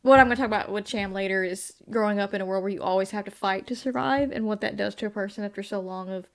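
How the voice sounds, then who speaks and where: A woman's voice: mid-range voice, fast talker. A woman with a mid-range voice co-hosting a fan podcast. She talks casually and at length, often hedging and admitting what she cannot remember. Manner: rambling, unsure, hedging often. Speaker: podcast co-host. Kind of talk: casual chat.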